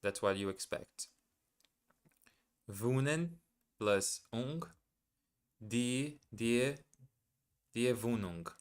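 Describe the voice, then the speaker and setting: A man's voice: mid-range voice, lively intonation, extremely slow, pauses often, clean tone. A man on a casual live stream, thinking aloud as he works through a language app. He hesitates, questions himself and repeats practice words. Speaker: live streamer learning German.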